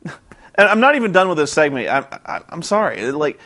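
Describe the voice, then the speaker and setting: A man's voice: fairly high pitch, sing-song, normal speed, bright, forceful tone. Exasperated, sarcastic man vlogging. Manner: exasperated, sarcastic, rambling with restarts. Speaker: vlogger reviewing a wrestling show. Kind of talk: rambling commentary vlog.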